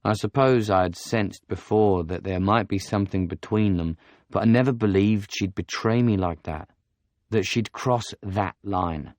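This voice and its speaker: A man reading a novel aloud as an audiobook narrator, in steady first-person storytelling. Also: lowish voice, a little slow, no room sound.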